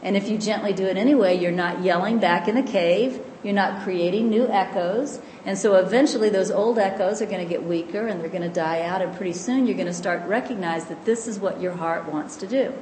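A woman giving a calm, gentle spiritual teaching, explaining and slowing down to stress key lines. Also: mid-range voice. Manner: calm, gentle and explanatory, often slows for emphasis. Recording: echoey room with faint background noise.

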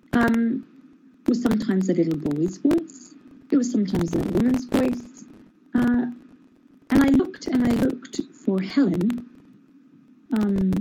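A woman sharing her meditation experience in a reflective, searching way, often pausing and restarting. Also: mid-range voice. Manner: reflective and searching, many hesitations. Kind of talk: personal sharing about meditation practice. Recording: noisy recording with clicks.

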